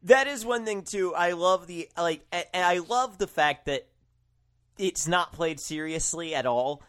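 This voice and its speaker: A man's voice: high-pitched, a little slow, a bit bright. A man co-hosting a casual podcast chat, easygoing and hedging, often laughing. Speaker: podcast co-host.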